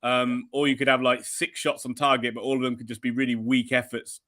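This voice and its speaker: A man's voice: medium pitch, little pitch movement, a little fast, sharp tone. A man with an English accent, a soccer analyst chatting loosely about the match with casual slang. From England. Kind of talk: live match commentary chat.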